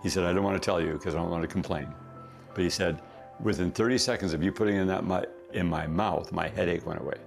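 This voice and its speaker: A man's voice: sits low, steady tone, quick pace, gravelly, faint music behind. A man, a company founder, telling a rambling story in a casual interview, correcting himself often and laughing.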